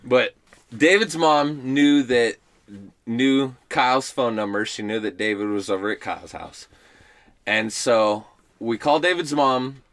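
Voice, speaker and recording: A man's voice: mid-range voice, unhurried, a bit bright. A man co-hosting a podcast, telling a story casually with swearing and laughter. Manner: laughing, swearing storyteller who acts out quoted voices. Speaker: podcast co-host.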